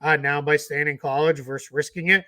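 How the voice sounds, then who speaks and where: A man's voice: a little high, fairly even intonation, brisk, pushed and bright. A tired man with a Boston accent, co-hosting a casual sports podcast and rambling through his points. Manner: chatty, rambling with restarts. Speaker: co-host.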